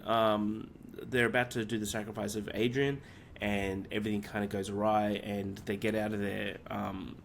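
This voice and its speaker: A man's voice: on the low side, slight background noise. A man co-hosting a casual film podcast, retelling a story at length with lots of fillers and casual swearing. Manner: rambling plot retelling with many fillers. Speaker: podcast co-host.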